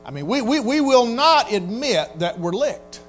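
A man's voice: very high voice, big pitch swings, measured pace, soft background music. A man preaching a sermon in a folksy, storytelling way, acting out quotes. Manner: folksy Southern preacher, acts out quotes in voices. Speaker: pastor.

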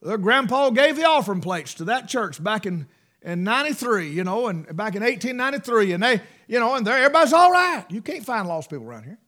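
A man preaching a sermon in a folksy, emphatic way, swinging between loud bursts and hushed asides. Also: high-pitched, sing-song, fast talker.

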